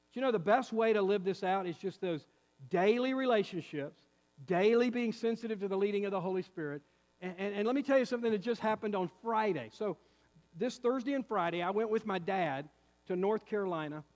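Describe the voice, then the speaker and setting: A pastor in his fifties preaches to his church, telling a story with lively acted-out quotes. His man's voice sits notably high. The sound carries the long reverb of a church sanctuary. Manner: animated storytelling, acts out quotes. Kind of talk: sermon with personal story.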